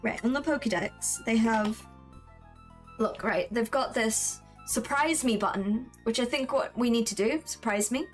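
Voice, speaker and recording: Young woman co-host, fairly high voice, animated and exclamatory, faint music behind. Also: a little slow. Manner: animated, exclaims and trails off mid-thought. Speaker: co-host guest. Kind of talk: casual chat.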